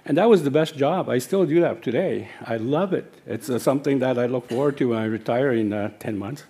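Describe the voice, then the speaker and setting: Man, 60s, gravelly mid-pitched voice, halting personal testimony. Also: mellow, a little hiss or hum. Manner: halting, with many fillers and self-corrections. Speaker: speaker sharing his life story.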